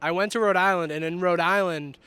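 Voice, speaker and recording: A man with a Boston accent, a comedian chatting on a podcast from a canoe, telling profane, animated stories and laughing often. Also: high voice, brisk, clear, resonant tone, no room sound. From Boston, United States. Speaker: comedian guest. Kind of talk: casual podcast chat, telling funny stories. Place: in a canoe outdoors.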